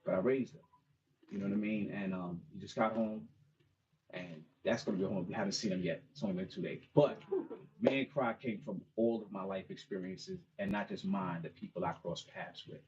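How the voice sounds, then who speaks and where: A man's voice: low-pitched, moderate pace, a little mellow, lo-fi sound, slight background noise. A middle-aged man, an author and mentor, talking casually to a small audience at a bookstore launch, often saying "you know what I mean.". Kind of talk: casual talk and a cappella spoken-word song.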